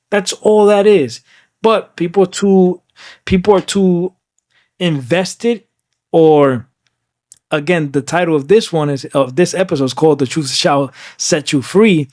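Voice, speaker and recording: Emphatic man with a fairly high voice. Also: a little mellow, dry recording, studio quality. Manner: emphatic, keeps checking in with "right?"; switches into Spanish at times. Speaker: podcast conversation partner. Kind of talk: casual podcast conversation.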